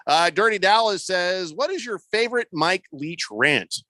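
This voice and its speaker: A man's voice: high-pitched, lively intonation, moderate pace, pushed and bright, no room sound. A man hosting a sports radio show, chatting casually, joking and reading out listener texts. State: losing his voice. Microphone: studio microphone.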